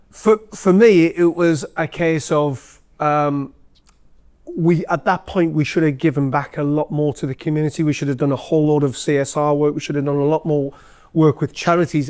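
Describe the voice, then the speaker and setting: Geordie businessman telling stories to a room, a touch high-voiced, chatty and self-mocking. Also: fairly even intonation, normal speed, darkish tone. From North East England. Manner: chatty, self-deprecating storyteller with many fillers. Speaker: former CEO giving a guest talk. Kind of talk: live anecdotal talk to an audience. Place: event room with an audience.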